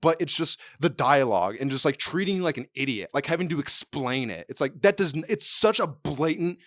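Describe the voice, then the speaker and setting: A man's voice: on the high side, animated, a little fast, a bit bright, dry recording, studio quality. A man co-hosting a podcast in casual chat, rambling and swearing as he acts out quotes. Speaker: podcast co-host.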